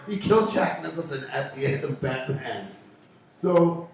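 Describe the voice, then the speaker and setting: A man's voice: mid-range voice, a little fast. Joking man hosting from a pub. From Canada. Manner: rambling, joking, excitable. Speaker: radio show host. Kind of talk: casual pub banter. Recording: echoey pub from far off.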